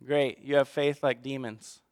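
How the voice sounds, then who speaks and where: A man preaching a sermon, swinging between hushed asides and fired-up outbursts. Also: medium pitch, fairly even intonation, measured pace, long reverb tail. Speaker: pastor.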